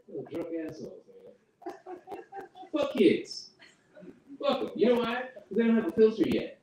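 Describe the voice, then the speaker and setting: A man doing a crude stand-up comedy set at a home open mic, with an animated delivery and squeaky put-on voices. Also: normal speed, pauses often. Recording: echoey room from far off, noisy.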